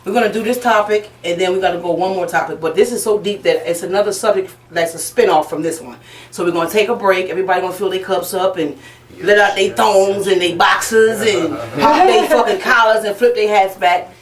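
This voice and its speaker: A woman hosting a casual panel talk show, loud, brash and profane, laughing often. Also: medium pitch, fairly quick. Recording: echoey room, mic far off.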